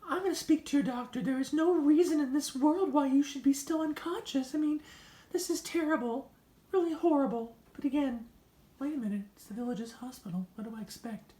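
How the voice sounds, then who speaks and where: A fussy, gossipy sister frets at a hospital bed in a high, dramatic voice, played by a woman. The hobby voice drama is recorded in an echoey room. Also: a little fast, mellow, natural voice.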